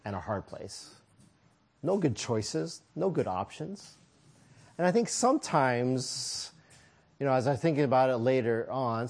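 A man's voice: medium pitch, a little mellow. A man preaching a sermon, telling a personal story with self-deprecating humor and frequent chuckles.

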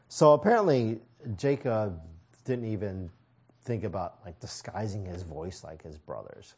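A man's voice: on the low side, animated, unhurried, darkish tone, slightly rough. A man preaching a sermon, reading scripture and explaining it in a conversational way with casual asides.

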